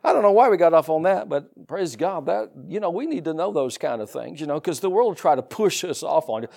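A man with a Southern US accent preaches to his congregation in a loose, folksy way, full of asides and quick laughs. His voice sits a little high for a man and swings up and down with lively energy. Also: gravelly. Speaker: pastor. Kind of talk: sermon.

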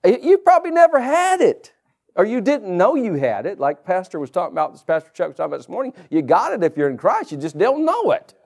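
Male preacher with a high voice, animated sermon delivery, calls out to the church. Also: quick pace, gravelly. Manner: animated preacher calling out to the congregation. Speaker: pastor.

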